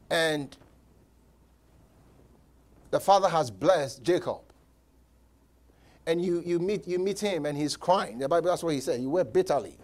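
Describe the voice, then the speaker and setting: Man preaching, high voice, slow deliberate delivery, emphatic repeats. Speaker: pastor. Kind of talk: sermon.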